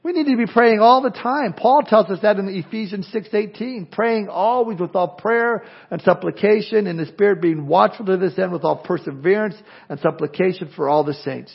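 A man's voice: sits high, normal speed, gravelly, hardly any pauses, breathy edge. A male pastor preaching a sermon in an earnest way, full of rhetorical questions and folksy humor, on a dull lo-fi recording.

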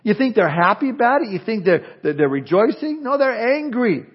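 An older man preaching a sermon as pastor, in a lively conversational way with frequent restarts. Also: high voice, normal speed, husky. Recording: dull lo-fi recording.

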